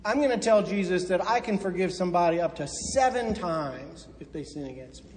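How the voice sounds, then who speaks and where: High-voiced male preacher in a reverberant hall. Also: slight background noise. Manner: retells Bible stories with quoted voices, soft and slow at the key points. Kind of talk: sermon storytelling.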